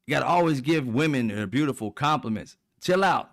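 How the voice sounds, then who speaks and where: A man's voice: medium pitch, expressive, moderate pace. A middle-aged man, hosting heated political commentary in a blunt, profane, mocking way. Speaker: commentary channel host.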